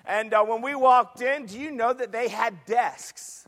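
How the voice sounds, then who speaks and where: A man's voice: very high voice, a little slow, a bit bright, long reverb tail. A man preaching a sermon as pastor, emphatic, repeating phrases and asking the congregation questions. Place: church sanctuary.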